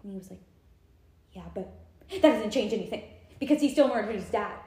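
A young woman co-hosting a podcast, recapping a novel in a casual, animated way and acting out the characters' lines. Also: medium pitch, brisk, echoey room. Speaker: podcast co-host. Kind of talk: casual chat.

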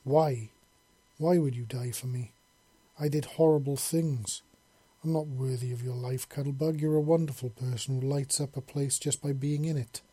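A man's voice: medium pitch, steady tone, normal speed, dark tone, husky, lightly acted. A man voicing a remorseful young man who apologizes and reproaches himself.

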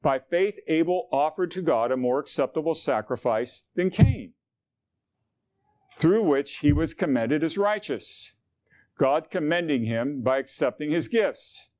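A man's voice: on the high side, expressive, unhurried, highs cut off. A man preaching a sermon in an earnest, conversational way, asking his listeners questions. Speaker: pastor.

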